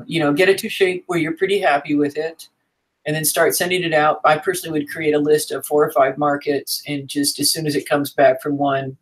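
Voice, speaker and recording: A woman's voice: low-pitched, low-quality recording. A woman teaching a writing class in a frank, chatty way, with fillers and asides. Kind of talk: casual teaching talk.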